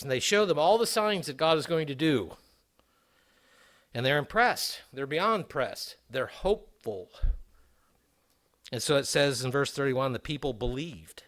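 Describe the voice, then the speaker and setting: Middle-aged guy giving a sermon, reads scripture then chats about it, medium pitch. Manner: conversational preaching, reading scripture aloud with asides. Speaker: pastor.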